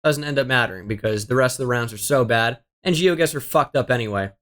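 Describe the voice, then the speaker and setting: A young man commentating a game as he plays, his pitch sitting in an ordinary middle range. He mutters his guesses half to himself, swears often, and sounds exasperated and self-deprecating about his own mistakes. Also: fast talker, a bit bright. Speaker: gaming streamer.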